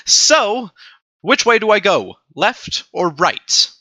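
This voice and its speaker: A young man teaching a programming tutorial on a livestream, animated and self-mocking as he talks to his chat. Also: sits high, slow pace, no echo. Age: young adult. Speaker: teaching assistant.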